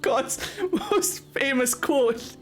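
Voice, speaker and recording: A woman's voice: high voice, extremely slow. A woman live-streaming a game, chatting with viewers in a crude, giggly way and laughing often. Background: game music.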